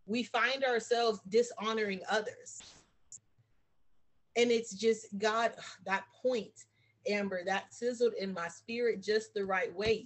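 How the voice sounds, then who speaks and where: Husky-voiced woman, earnest faith talk. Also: mid-range voice. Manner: emotional, earnest, animated storytelling. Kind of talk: heartfelt casual faith talk.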